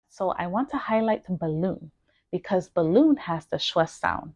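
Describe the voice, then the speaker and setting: An American woman teaching English pronunciation, carefully enunciating example words in a clear instructional lesson. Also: lowish voice, lively intonation, darkish tone, no room sound. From United States. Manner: deliberate, carefully enunciated word drills.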